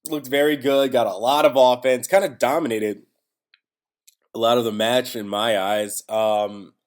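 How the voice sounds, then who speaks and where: A man talks through a wrestling show in a loose, rambling recap at an ordinary mid pitch. He keeps restarting and correcting himself, and his tone is wry and exasperated, with casual swearing thrown in. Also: steady tone, a little slow.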